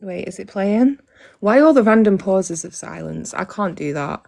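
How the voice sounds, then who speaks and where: A woman's voice: medium pitch, lively intonation, moderate pace, vocal fry, a little mellow, no echo. A woman hosting a casual livestream on a phone mic, blunt and profane, talking straight to her viewers. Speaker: livestream host.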